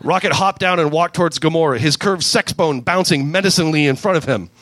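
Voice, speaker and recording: A man doing a deadpan comic reading of a crude story at a live show. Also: on the high side, a little fast, no echo. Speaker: comedian reading fan fiction. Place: live comedy venue.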